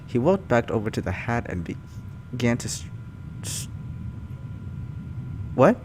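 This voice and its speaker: A man doing a comic read-through of fan fiction, animated and often breaking off to laugh and comment. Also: mid-range voice, unhurried, background noise. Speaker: YouTuber reading fan fiction. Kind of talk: comic reading with live reactions.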